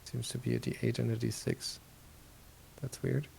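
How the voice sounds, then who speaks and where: A man with a gravelly, rough-edged voice runs a tabletop game as game master. He tallies damage and reads rules out loud in a brisk way. His pitch sits in an ordinary middle range. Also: level tone, a little hiss or hum. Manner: brisk, tallying damage and reading rules aloud.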